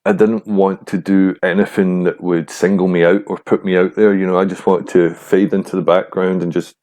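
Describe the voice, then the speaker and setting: A young man tells his story on his own podcast, relaxed and frank, swearing freely as he goes. His voice sits low and sounds warm and mellow. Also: brisk, hardly any pauses. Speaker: podcast host. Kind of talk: casual storytelling monologue.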